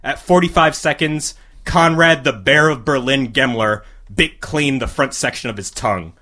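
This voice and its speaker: A man reading a crude comic short story aloud to a live audience, with a deadpan delivery. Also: mid-range voice, normal speed.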